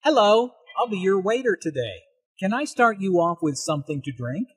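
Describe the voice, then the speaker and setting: Male actor: high, slightly husky waiter, brisk and polite, scripted learner dialogue. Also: very animated, exaggerated voice. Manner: brisk, courteous service questions.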